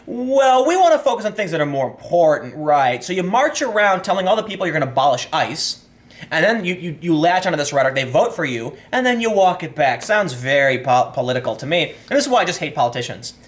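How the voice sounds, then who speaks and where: Guy ranting about politics, kinda high voice, sarcastic, stumbles and repeats himself a lot. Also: lively intonation, fast talker, fairly bright tone. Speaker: political commentator. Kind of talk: casual commentary.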